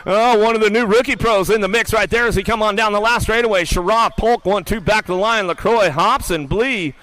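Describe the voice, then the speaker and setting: A man calling live BMX races play-by-play, rattling off riders' names and positions, then dropping lower and quieter to read results and lineups. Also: a little fast, rough recording. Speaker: race announcer. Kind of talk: live BMX race commentary.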